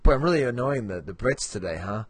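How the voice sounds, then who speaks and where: Speaking quickly in a husky, mid-range voice with lively intonation, a middle-aged podcast co-host rambles through casual chat. He pokes fun at himself, with frequent ums and laughs.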